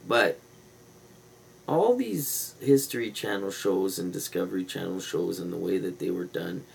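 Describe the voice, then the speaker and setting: A man with a deep, gravelly voice rambles through a casual livestream monologue, drifting from point to point in a conspiratorial tone. His voice is low and rough, and a faint hiss of noise sits under the home recording. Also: lively intonation, measured pace, low-quality recording. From Canada. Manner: meandering, conspiratorial, casual slang. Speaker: livestream host.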